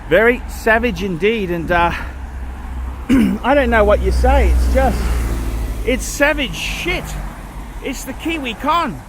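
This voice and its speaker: A man's voice: sits high, animated, slow pace, long pauses. A man vlogging outdoors, talking in a blunt, repetitive, cynical way, with faint traffic noise around him. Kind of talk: casual vlog monologue. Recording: faint street and car noise.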